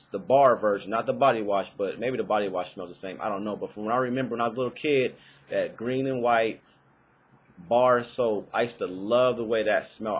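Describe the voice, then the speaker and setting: Chill young guy talking about colognes, kinda husky, low-ish, restarts a lot, rambly. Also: rough recording. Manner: laid-back, rambling with many fillers and restarts. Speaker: fragrance reviewer. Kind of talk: casual video review.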